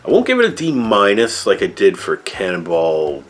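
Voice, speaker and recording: Middle-aged man, lowish voice, rambling, sarcastic, swears, casual review. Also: huge pitch swings, normal speed. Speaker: movie reviewer. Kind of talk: casual spoken movie review.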